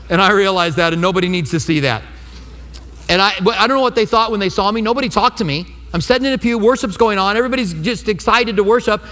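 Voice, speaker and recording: A man's voice: high voice, bright, forceful tone. A man preaching a sermon as pastor, telling a personal testimony in an earnest, conversational way. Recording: long hall reverb.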